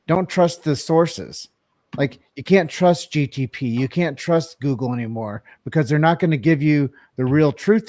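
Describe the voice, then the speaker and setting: A man's voice: medium pitch, a little mellow, no room sound. A man co-hosting a podcast, talking earnestly in a casual, rambling way and asking a guest a question. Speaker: podcast co-host.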